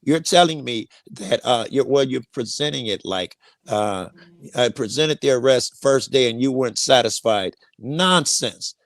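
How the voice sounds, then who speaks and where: A man's voice: mid-range voice, unhurried, a bit bright, no room sound, studio quality. A man co-hosting a podcast, in a heated, profane argument, pressing his partner with repeated questions. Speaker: podcast co-host.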